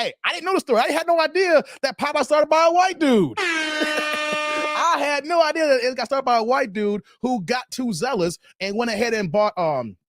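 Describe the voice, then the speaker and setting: A man hosting a casual livestream chat, talking in an animated, slangy, rambling way and laughing often. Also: extremely high pitch. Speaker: show host.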